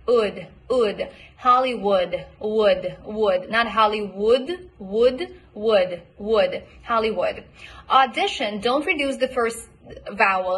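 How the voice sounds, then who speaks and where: A woman coach giving recorded feedback on a student's homework, praising them and modeling words by repeating them slowly. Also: a little high, fairly bright tone, husky. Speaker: accent coach.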